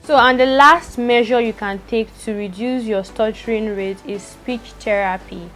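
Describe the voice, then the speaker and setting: A young woman vlogger, talking fast to the camera, stuttering and repeating words as she goes. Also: on the high side, fairly bright tone, slight background noise. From Nigeria. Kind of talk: personal talk to camera.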